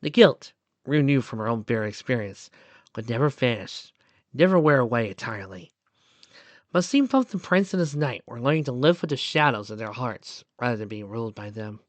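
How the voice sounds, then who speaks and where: A man reading fan fiction aloud as narrator, in a soft, steady storytelling voice. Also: mid-range voice, fairly quick, no echo.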